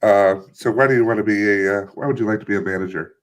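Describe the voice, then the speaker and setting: A man's voice: lowish voice, rapid-fire. A young man co-hosting a comedy podcast, playing a mock interviewer in a playful, profane way. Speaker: podcast co-host. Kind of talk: casual comedic chat.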